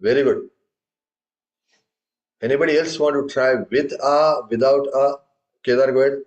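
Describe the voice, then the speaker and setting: Male tabla teacher. Patient and encouraging, recites drum syllables in steady rhythm, mid-pitched voice. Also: normal speed, lo-fi sound. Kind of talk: music lesson explanation.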